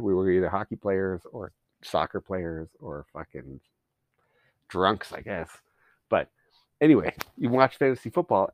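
A man's voice: on the low side, dry recording. A man from Canada rants through a podcast monologue, swearing freely and dripping sarcasm. He rambles from gripe to gripe. The recording is dry and close. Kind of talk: profane ranting monologue.

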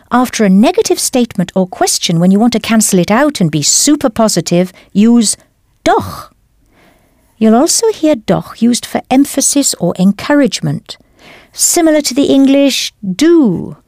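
A woman leading a scripted audio language lesson with clear, encouraging instruction. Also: on the high side, a little mellow, no echo, clean studio sound. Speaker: language course teacher.

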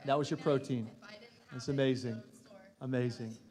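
A pastor in his thirties telling a funny family story in a sermon to his congregation, animated and self-mocking. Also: medium pitch, moderate pace. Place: church stage before a congregation. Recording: long reverb of a large hall.

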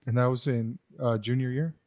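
A man's voice: medium pitch, fairly even intonation, moderate pace, a little mellow, no room sound. A young man chats on a podcast in a loose, meandering way, full of likes and ums. He sits close to the mic in a dead, dry room. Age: young adult. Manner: rambling, lots of likes and ums. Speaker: podcast co-host. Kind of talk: casual chat.

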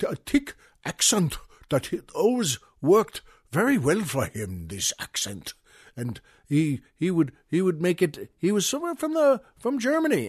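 A man's voice: on the high side, no room sound, studio quality. A man hosting a podcast, telling a long show-business story in a rambling way, with restarts, asides and chuckles. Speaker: podcast host. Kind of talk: casual anecdotal storytelling.

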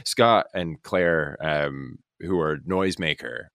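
A man from the United States, an actor guest, chatting casually and telling stories with lively quoted voices. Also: rumbling low, slow, no room sound, studio quality. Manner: animated storyteller, acts out quoted voices. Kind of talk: casual podcast chat.

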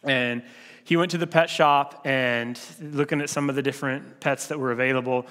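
A man giving a sermon as pastor, talking in a relaxed, conversational way with frequent filler restarts. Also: medium pitch, normal speed. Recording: long hall reverb.

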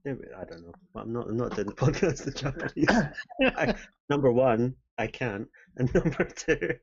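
A man's voice: medium pitch, expressive, normal speed, vocal fry, a little hiss or hum. A man hosting a podcast, casually teasing his co-hosts and laughing often. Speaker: podcast host. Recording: dull lo-fi sound.

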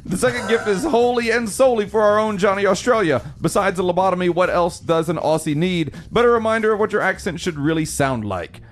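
A man's voice: high voice, fairly quick, hardly any pauses, slight background noise. A man co-hosting a comedy podcast, reading listener letters aloud with small slips. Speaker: podcast co-host. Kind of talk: casual chat, reading listener mail.

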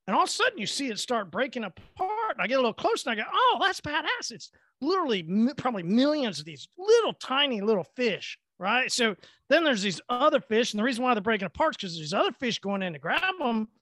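A man from Oklahoma hosting a casual chat and telling a story in an animated, excitable way. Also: very high-pitched, fast, hardly any pauses, dry recording, studio quality. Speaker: host.

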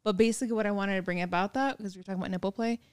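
A woman's voice: medium pitch, rapid-fire, clean tone, no echo. Candid young woman, dry close sound. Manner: candid, profane, animated retelling. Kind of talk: casual storytelling chat.

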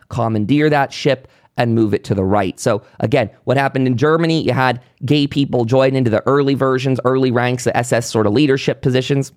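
A man hosting his own commentary show talks straight to the listener in a loose, impassioned monologue. He restarts sentences and breaks into short laughs. His voice sits at a middling pitch and is recorded close on the mic in a dry room. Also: a little mellow, no echo. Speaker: political commentary host. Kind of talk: casual monologue.

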